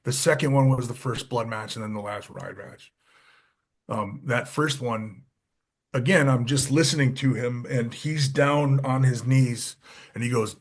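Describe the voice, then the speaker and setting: A husky-voiced man on a podcast, telling backstage stories in a relaxed, casual way. He slips into a lower, gruffer tone when he quotes other people. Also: normal speed. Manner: animated, acts out quotes with lowered voice. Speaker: podcast guest, former wrestler. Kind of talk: casual storytelling.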